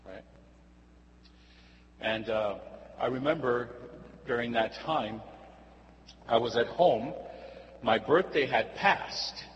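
A man's voice: mid-range voice, slow, long pauses, fairly bright tone. A man, a priest, reading the Gospel and preaching a homily in a church, chatting with the congregation and often asking "right?". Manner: conversational, often asks "right?". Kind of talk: homily with personal storytelling. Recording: dull recording with long hall reverb and faint hum.

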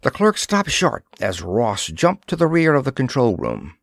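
A man reading a pulp science fiction story aloud with expressive, dramatic storytelling. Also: mid-range voice, unhurried, vocal fry, no room sound, studio quality. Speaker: audiobook narrator. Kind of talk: scripted narration of a pulp sci-fi story.

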